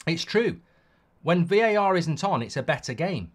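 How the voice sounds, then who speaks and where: A middle-aged man hosting a live football watchalong, talking in an opinionated, rambling way with quick restarts. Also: a little high, expressive. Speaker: host.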